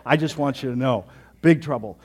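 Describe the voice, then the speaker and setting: A pastor in his sixties telling a story in a sermon, chatty, often repeating himself and dropping to a soft voice. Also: medium pitch, brisk, breathy edge. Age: 60s. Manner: conversational, repeats words, drops to soft tones.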